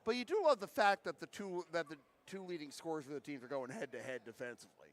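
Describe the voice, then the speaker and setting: A man giving live play-by-play commentary on a college basketball game, getting louder and more excited on big plays. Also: fairly high pitch, fast talker.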